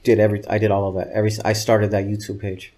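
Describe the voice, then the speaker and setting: Speaking very fast with a completely flat delivery, a profane male guest rambles through anecdotes in a casual interview, quoting dialogue as he goes. He's a videographer, and his voice is low and mellow.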